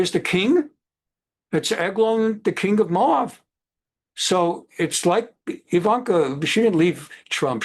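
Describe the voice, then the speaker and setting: Man, rabbi lecturing on bible over video call, digressive, fairly high voice. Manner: digressive, animated, sprinkles Hebrew terms. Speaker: rabbi teaching a Bible class.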